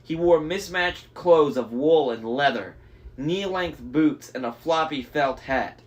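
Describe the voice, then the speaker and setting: A man's voice: on the high side, slow. A young man reading a novel aloud, breaking off for enthusiastic, chatty fan commentary. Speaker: audiobook reader.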